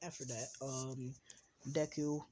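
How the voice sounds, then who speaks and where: A young man, a channel host, makes up a fan anime story on the fly, speaking slowly in a medium-pitched, level voice over a little hiss or hum. He rambles, keeps interrupting himself, and quietly trails off.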